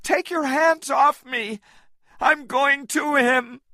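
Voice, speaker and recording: A man voicing a desperate young woman who cries out and pleads in a raised, high voice. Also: slow pace, no echo, full character voice. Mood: defiant. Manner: high, cried pleading, shouted.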